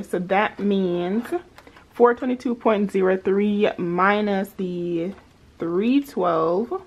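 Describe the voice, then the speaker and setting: A young woman vlogs her budget in a casual, familiar way. She reads out figures and sums, then talks straight to her viewers with easy chatter. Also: mid-range voice. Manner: chatty, talks to viewers as y'all, child, girl. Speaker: budgeting vlogger. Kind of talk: casual budgeting vlog, talking through calculations.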